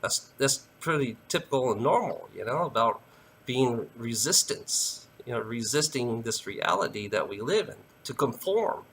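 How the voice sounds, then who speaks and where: Heated, profane man ranting, lively pitch. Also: moderate pace, slight background noise. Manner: heated, profane, repeats "you know" often. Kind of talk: ranting monologue to camera.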